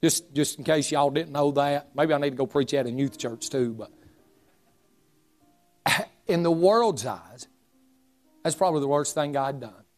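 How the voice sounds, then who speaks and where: A man in his forties with a drawl preaches in a folksy, joking storytelling way. His voice sits a touch high for a man. Soft music plays faintly behind him in the church. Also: unhurried, long pauses. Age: 40s. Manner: folksy, humorous, animated storytelling. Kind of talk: storytelling sermon.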